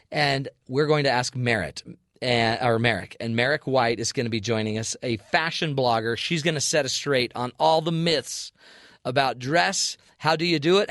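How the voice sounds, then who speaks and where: A man's voice: mid-range voice, no echo, clean studio sound. A man hosting a radio show, telling a comic story and acting out the voices in it. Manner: animated, acts out quoted voices. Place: radio studio. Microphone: studio mic.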